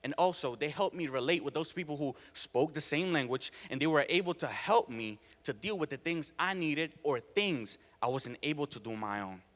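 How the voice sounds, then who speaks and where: Teen guy w doing a school speech, kinda high voice, big echoey hall. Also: animated, moderate pace, hardly any pauses, a bit bright. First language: Spanish. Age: teens. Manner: earnest, emphatic, laughs between points. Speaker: student speaker. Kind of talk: prepared student talk. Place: school auditorium. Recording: long reverb of a hall.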